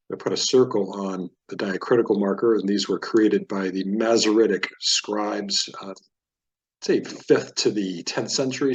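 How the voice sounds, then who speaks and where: Guy w a lowish voice walking thru hebrew stress marks, patient, drags words out slow to show how they sound. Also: rough recording. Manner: patient, explanatory, stretches words slowly to model pronunciation. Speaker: Hebrew teacher. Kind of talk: screen-share lesson.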